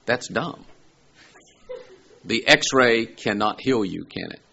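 Gravelly, husky male preacher, lo-fi. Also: medium pitch, lively intonation, takes it slowly, pushed and bright. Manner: conversational, asks rhetorical questions, rises to emphatic peaks. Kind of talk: sermon.

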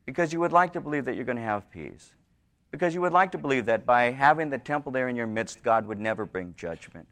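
Animated male preacher telling a story. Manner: storytelling, animated, rising in pitch for emphasis. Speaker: pastor. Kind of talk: sermon.

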